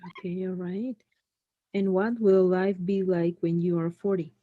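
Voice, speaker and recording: A woman's voice: on the low side, steady tone, a little slow, phone-quality sound. A woman teaching a one-on-one English lesson, asking brief prompting questions.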